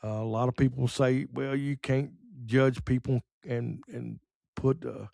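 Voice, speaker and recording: A middle-aged man telling rambling, folksy stories on a podcast, full of pauses and fillers. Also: mid-range voice, steady tone, vocal fry, dark tone, no room sound, clean studio sound. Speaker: podcast host. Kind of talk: casual storytelling.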